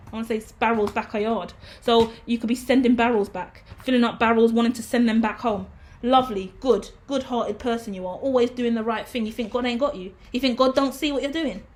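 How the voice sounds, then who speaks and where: A woman's voice: a little high, a little mellow. A woman giving a casual tarot reading, emphatic and preachy, swearing freely. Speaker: tarot reader.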